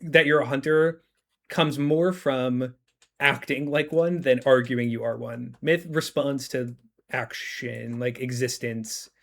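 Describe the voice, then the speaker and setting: A man's voice: mid-range voice, slow, gravelly, fairly bright tone. A man with a sick voice, casually chatting as game master, rambling with many fillers. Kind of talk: casual chat.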